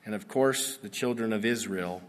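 A man's voice: on the low side, normal speed. Preaching man in a reverberant hall. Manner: conversational Bible teaching, reads verses then explains with rising emphasis. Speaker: pastor. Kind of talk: sermon. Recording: long reverb of a large hall.

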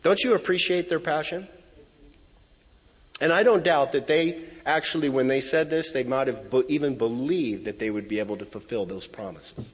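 A man preaching a sermon, expressive and emphatic, with frequent asides to the congregation. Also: medium pitch, moderate pace, husky. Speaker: pastor. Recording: reverberant hall, dull lo-fi sound.

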